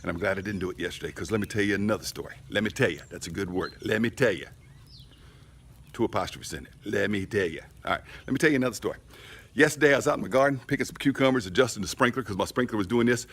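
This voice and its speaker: A man's voice: on the low side, very fast, fairly bright tone, husky. A middle-aged man, telling a rambling story casually in his barbecue vlog, outdoors by his smoker. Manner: folksy, rambling, chatty storyteller. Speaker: barbecue channel host.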